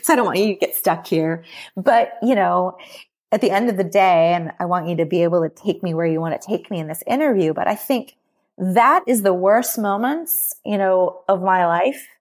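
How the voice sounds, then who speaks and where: A woman's voice: fairly low pitch, normal speed. A middle-aged woman, a podcast guest, telling a personal story in an earnest, heartfelt way with many restarts. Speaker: podcast guest, memoir author.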